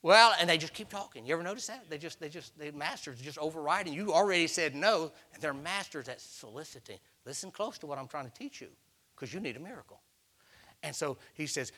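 A man preaching a sermon, telling folksy stories and acting out the people in them, his voice rising to shouts. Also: fairly high pitch, lively intonation, fairly quick.

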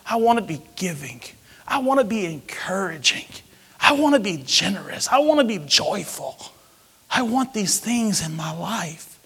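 A man preaching a sermon, telling a personal story with animated, sudden loud outbursts. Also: high voice, moderate pace, husky.

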